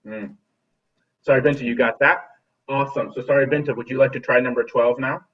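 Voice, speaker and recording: Man, music teacher, remote class, encouraging, husky, far from mic, dull call audio. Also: medium pitch, steady tone, a little fast. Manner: encouraging, repeats and restarts phrases. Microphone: laptop video call.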